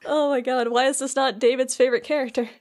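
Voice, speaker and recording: A woman's voice: sits high, quick pace. A young woman co-hosting a podcast, chattily recapping a video game with lots of fillers. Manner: animated, chatty, full of "like". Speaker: podcast co-host. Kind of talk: casual chat, recapping a game.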